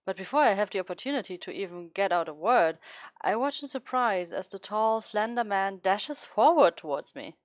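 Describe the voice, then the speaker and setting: A woman streams a romance game, reading the story aloud and chatting casually in let's-play style, giggling often and interrupting herself. Her medium-pitched voice is expressive and moves at a normal speed. The sound is lo-fi with no echo.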